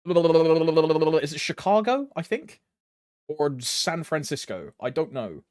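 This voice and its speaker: A man's voice: a little high, big pitch swings, slow, a little mellow, no room sound, studio quality. A young man streaming a game, chatting casually in a rambling way, laughing often and calling his viewers bro. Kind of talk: casual chat while gaming.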